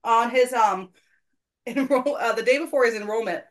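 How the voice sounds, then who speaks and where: A woman's voice: on the high side, normal speed. A woman hosting a faith podcast, telling a personal church story in casual conversation, earnest and self-deprecating.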